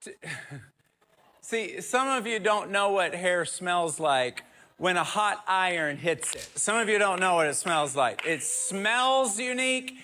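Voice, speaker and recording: A man preaching a sermon through personal stories, dropping to a soft near-whisper for emphasis. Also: high voice, lively intonation, slow.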